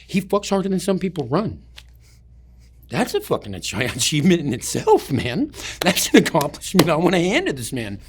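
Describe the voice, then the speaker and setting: A man's voice: a little high, wildly swooping pitch, normal speed, slight background noise. A man, an army veteran, telling war stories in an interview in a rambling way, swearing often and restarting his sentences. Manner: profane, rambling, many restarts. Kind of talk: casual storytelling.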